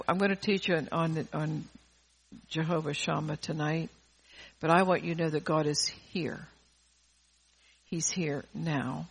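A woman's voice: low voice, gravelly, slightly rough. A woman preacher delivering a fervent sermon, repeating words and phrases for emphasis.

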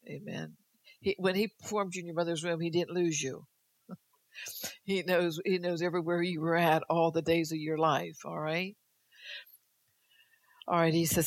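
Delivering a sermon with no echo around her, an older woman with a low-sitting voice urges her congregation on. She voices prophecy as if in the first person and sprinkles in playful, homespun jabs.

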